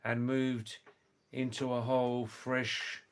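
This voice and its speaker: An older man with an accent between British and Australian, a retired nurse chatting on a live stream slowly and deliberately. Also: medium pitch, little pitch movement, clean tone. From England, raised in Australia. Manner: slow, deliberate, with many fillers. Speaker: livestream host, retired nurse. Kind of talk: casual live-stream chat.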